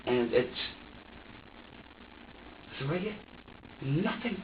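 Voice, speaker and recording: A man's voice: mid-range voice, animated, brisk, a little hiss or hum. A young man being questioned by police, talking in a rambling, repetitive and defensive way. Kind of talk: police interrogation. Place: police interview room. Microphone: far room microphone. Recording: tinny, echoey room audio from far off.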